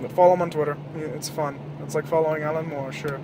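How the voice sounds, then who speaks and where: High-voiced man ranting profanely. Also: fast, background noise. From American South. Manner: profane, rambling, animated outbursts. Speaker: podcast host. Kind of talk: casual rambling monologue. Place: car at night.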